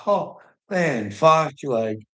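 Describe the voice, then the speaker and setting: A man's voice: fairly high pitch, expressive, drawn-out words, bright, forceful tone. A man ranting in a monologue, heated and swearing constantly, with short laughs between his points. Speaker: vlogger.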